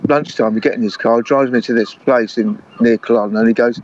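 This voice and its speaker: An older man chatting casually and telling animated stories from his touring days. He slips into other people's voices and laughs along as he goes. The recording is dull and lo-fi. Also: mid-range voice, normal speed. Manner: lively anecdotes, acts out other voices with laughter. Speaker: guest musician. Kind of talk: casual storytelling chat.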